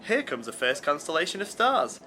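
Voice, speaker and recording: Very bright, lively mock-earnest male presenter. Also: fairly high pitch, fairly quick, slight background noise. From England. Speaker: radio presenter. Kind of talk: scripted sketch comedy.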